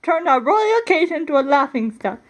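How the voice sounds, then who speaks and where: A woman's voice: high voice, big pitch swings, a little fast, slight background noise, poor audio. A woman voicing a strict royal aunt in a doll storybook reading, speaking in a stern, scolding way.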